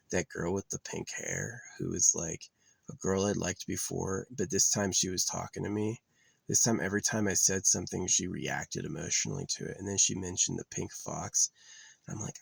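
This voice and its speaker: A man's voice: deep voice, gravelly, breathy edge, no echo, rough recording. A man vlogging in a casual, rambling monologue, talking off the cuff with plenty of profanity.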